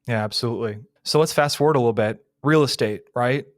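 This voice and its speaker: A man's voice: medium pitch, quick pace, no echo. Man, young adult, podcast host, casual filler-heavy questions, dry close mic. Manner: casual, many fillers like "like" and "you know". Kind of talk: interview questions.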